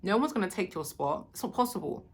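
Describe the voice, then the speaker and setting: A woman's voice: medium pitch, big pitch swings, fast talker, a little hiss or hum. A woman giving a casual motivational talk to camera, affectionate and reassuring, calling the listener sweetheart. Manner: affectionate, calls the viewer sweetheart and darling; emphatic, reassuring, spiritual. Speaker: vlogger giving encouragement.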